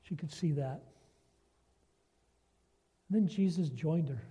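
A male preacher with a fairly high but mellow voice delivers a sermon at a slow, unhurried pace. He talks earnestly and keeps checking in with his listeners through rhetorical questions. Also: breathy edge. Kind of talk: sermon with a story and scripture reading.

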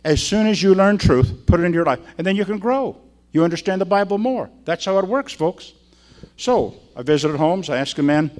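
A man's voice: on the high side, lively intonation, brisk, a little mellow. An older man, a pastor, preaching in a folksy, conversational way and acting out the people in his stories. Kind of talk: sermon with storytelling.

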